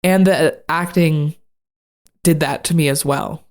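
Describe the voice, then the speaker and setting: A woman co-hosting a podcast in casual chat, jokey and quick to laugh. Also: deep voice, fairly even intonation. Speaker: podcast co-host.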